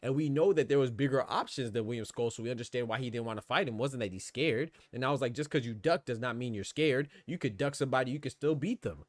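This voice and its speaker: A man hosts a live boxing podcast, arguing his point in a rambling, insistent way, reading out chat comments and repeatedly saying "man." His mid-range voice comes fast with few pauses, and there is no echo.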